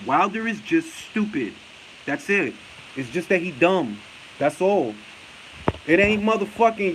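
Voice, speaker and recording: Brief: New York-accented male boxing talk host, lively high voice, blunt and profane, laughs a lot. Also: unhurried, slight background noise, poor audio. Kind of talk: casual commentary, answering viewer comments.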